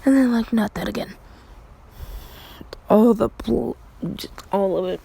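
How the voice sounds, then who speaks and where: Slow, gravelly woman rambling a story. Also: fairly high pitch, dark tone. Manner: rambling, giggly, crude slang. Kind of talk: casual fan-story retelling.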